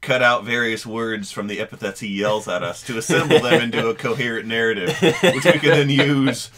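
A man co-hosting a comedy podcast, riffing in a dry, wordy deadpan way. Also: mid-range voice, brisk, a loud crowd. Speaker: podcast co-host. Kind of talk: casual comedic banter.

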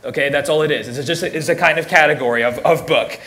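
A man's voice: on the high side, quick pace, a bit bright. A young man teaching as a youth pastor in a casual, joking way, often repeating words as he restarts sentences. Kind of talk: casual teaching talk to teens.

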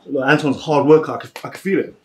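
A man's voice: fairly high pitch, steady tone, quick pace, echoey room, slight background noise, poor audio. A man working as a massage therapist, chatting casually and laughing often while he massages. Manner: laughs often, loose slangy storytelling.

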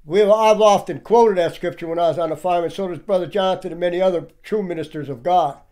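A man's voice: high voice, fast talker, a little mellow. A man giving emphatic preaching commentary on clips, calling out to his listeners again and again. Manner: emphatic, keeps addressing the audience as "people". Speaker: religious commentator.

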